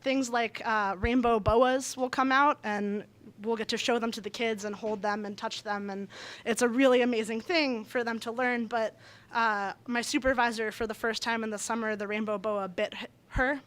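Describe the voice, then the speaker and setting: Young woman, high voice, live storytelling, chatty, animated, laughs mid-sentence, small bar. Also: moderate pace. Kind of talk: personal story told live on stage. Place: small bar venue, indoors.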